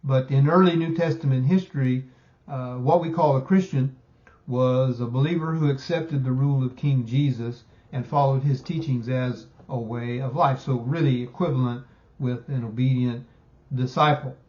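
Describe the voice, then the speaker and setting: A man teaching a Bible study lesson, emphatic and slowing down to stress key words. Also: medium pitch, steady tone, a little mellow, lo-fi sound.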